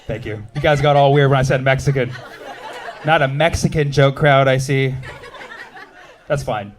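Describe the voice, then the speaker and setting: A man doing a stand-up comedy set, punchy and quick with asides and banter with the crowd. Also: mid-range voice, steady tone, slight background noise. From United States. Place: comedy club stage with a live audience.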